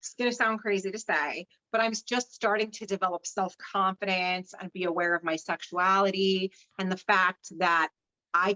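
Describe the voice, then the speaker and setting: A woman's voice: on the low side, bright, forceful tone. A woman guest telling her personal story frankly and without a filter, swearing freely and acting out what others said, in a slightly dull recording. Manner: frank and unfiltered, swears freely, acts out quoted dialogue. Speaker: podcast guest.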